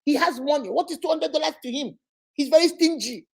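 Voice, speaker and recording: A woman's voice: sits high, fairly quick, darkish tone. A middle-aged Nigerian woman hosting a casual vlog, telling stories with laughter and rhetorical questions. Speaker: host.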